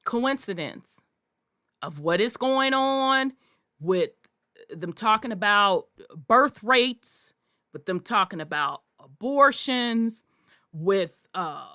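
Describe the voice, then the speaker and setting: A woman hosting a podcast, delivering a forceful, profanity-laced monologue in a preachy way. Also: medium pitch, expressive, slow, no echo, studio quality. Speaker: podcast host.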